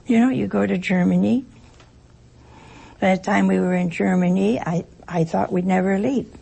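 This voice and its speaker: Brief: gravelly woman with a very husky voice, folksy anecdotal speaker who plays out little dialogues. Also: medium pitch, moderate pace, dark tone, rough recording. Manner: folksy, joking storyteller; acts out short exchanges in other voices. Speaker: speaker addressing an audience. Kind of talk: informal spoken talk with anecdotes.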